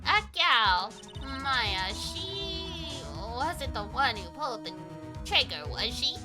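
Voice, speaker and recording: A woman voicing a brash, excitable young Southern woman with a folksy American Southern drawl. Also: high voice, slow, over music, exaggerated voice. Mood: gossipy.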